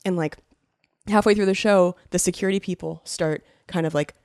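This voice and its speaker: A young woman co-hosting a comedy podcast, excitable and laughing often, swearing casually. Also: on the low side, a little fast, clean tone, no room sound, studio quality. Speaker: podcast co-host.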